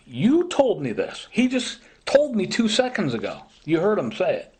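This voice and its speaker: A man's voice: sits high, wildly swooping pitch, normal speed, husky. A man in a ranting vlog monologue, agitated and accusing, repeating his points. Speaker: vlogger.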